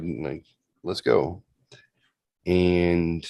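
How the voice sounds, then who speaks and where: A man's voice: deep voice, flat delivery, takes it slowly, pauses often, darkish tone, no room sound. A man telling a rambling spooky story in a casual way, slipping into raised voices for the people in it. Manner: rambling, acts out voices in quotes. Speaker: host retelling a story.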